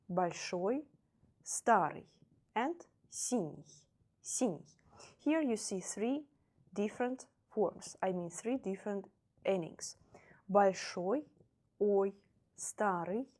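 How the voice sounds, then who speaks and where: A woman's voice: fairly low pitch, mellow. A woman teaching a language lesson, patiently explaining and repeating each example word twice, with a few self-corrections.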